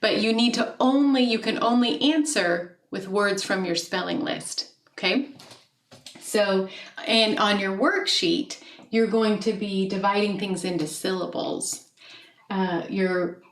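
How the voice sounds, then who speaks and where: A woman's voice: medium pitch, measured pace. A woman teaching a second grade class in a recorded video lesson, explaining step by step and often checking in with "okay?". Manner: friendly teacherly, asks questions and checks with "okay?". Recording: echoey room, mic at a distance.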